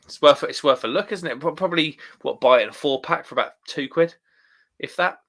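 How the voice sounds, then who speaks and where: A man's voice: on the high side, brisk, fairly bright tone. A man hosting a casual beer live stream, chatting, reading out viewer comments and calling people mate. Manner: chatty, laughs often, calls people mate.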